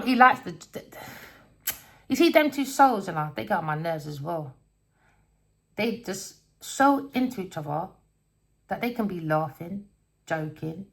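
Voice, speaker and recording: Gravelly-voiced blunt woman tarot reader. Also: medium pitch, a bit bright. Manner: blunt, swears constantly; storytelling, rambling. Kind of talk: casual tarot reading monologue.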